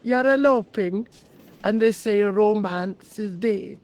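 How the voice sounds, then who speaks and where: A woman voicing a dry, unhurried lady on a train. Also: medium pitch, natural voice. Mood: dry amused. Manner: dry, unhurried, quietly teasing. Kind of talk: video game voice acting.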